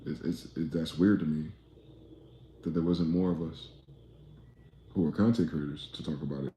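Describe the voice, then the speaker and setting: A man's voice: very deep voice, normal speed, warm tone, reverberant, a little hiss or hum. A man from New Jersey hosting a livestream, rambling, profane and ranting as he reads out chat comments. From East Orange, New Jersey. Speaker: livestream host.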